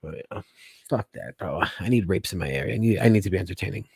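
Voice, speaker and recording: A man, co-hosting a podcast, telling crude, profane stories in fast casual chat. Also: deep voice, lively intonation, creaky, darkish tone, slightly rough, dry recording, clean studio sound. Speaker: podcast co-host.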